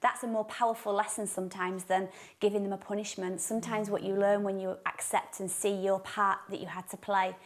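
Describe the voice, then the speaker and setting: A woman's voice: medium pitch, level tone, brisk, few pauses. A woman, co-hosting a faith-based parenting show, speaking affirmingly about faith and raising children. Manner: affirming, gently preaching. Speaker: co-host.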